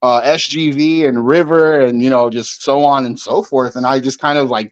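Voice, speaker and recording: A man's voice: medium pitch, a little fast, hardly any pauses, muffled recording. A man guesting on a livestream, telling a story in a rambling, casual way full of "like" and "you know". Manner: rambling, filler-heavy, acts out quotes.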